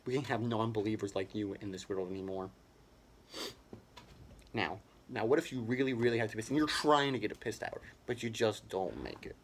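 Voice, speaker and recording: A man's voice: fairly low pitch, brisk, slight background noise. Rambling young man in a mock speech. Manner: rambling, absurd deadpan bluster. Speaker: comedian.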